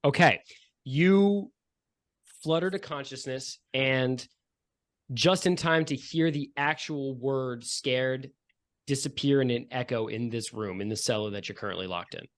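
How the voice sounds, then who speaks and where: A man's voice: medium pitch, unhurried. A man running a tabletop game as game master, describing scenes in a loose, rambling way full of fillers.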